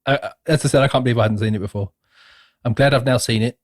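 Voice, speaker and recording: A man's voice: mid-range voice, fast talker, no echo. A man co-hosting a podcast, chatting in a dry, matter-of-fact way about films. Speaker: podcast co-host. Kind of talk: casual film chat.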